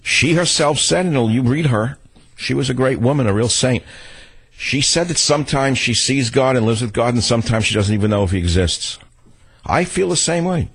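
An older man with a husky voice, hosting a radio talk show as a ranting, repetitive monologue that jumps up in pitch for emphasis. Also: animated, normal speed, fairly bright tone, no room sound, poor audio.

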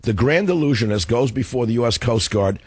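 A middle-aged man hosting a radio talk show, hoarse as his voice gives out, ranting in a fiery, combative way. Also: mid-range voice, expressive, a little fast, dry recording. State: hoarse, voice going.

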